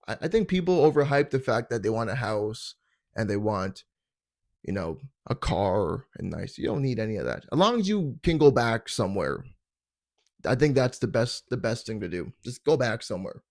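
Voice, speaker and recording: A man's voice: on the low side, very animated, moderate pace, a little mellow, no room sound, clean studio sound. A young adult man from Canada hosting a comedy podcast from his parents' basement, telling stories in a rambling, self-deprecating way and stumbling over his words. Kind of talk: casual comedic storytelling.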